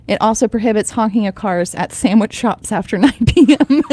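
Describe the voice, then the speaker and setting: A woman's voice: fairly high pitch, animated, unhurried, darkish tone. A woman hosting a radio morning show, chatting casually and reading items aloud with frequent laughter. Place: radio studio. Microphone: studio microphone.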